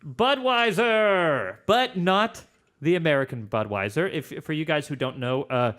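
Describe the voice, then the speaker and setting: A young man co-hosting a podcast, relaxed and casual, slipping into nerdy talk about pronunciation. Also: fairly high pitch, normal speed. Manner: relaxed, nerdy about phonetics, hesitant fillers. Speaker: podcast co-host, opera singer. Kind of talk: casual chat.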